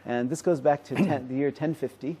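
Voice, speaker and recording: A man's voice: medium pitch, a little fast, mellow, distant mic, slight background noise, poor audio. Man explaining math, heard from afar. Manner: explains step by step, checks in with "right?". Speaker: mathematician. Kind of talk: explanatory lecture and interview.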